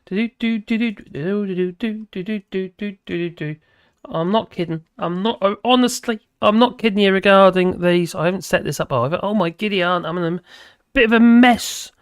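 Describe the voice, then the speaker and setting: A man's voice: high-pitched, normal speed, smooth, no echo, studio quality. A man hosting a live stream, chatting casually with viewers and rambling between topics while laughing often.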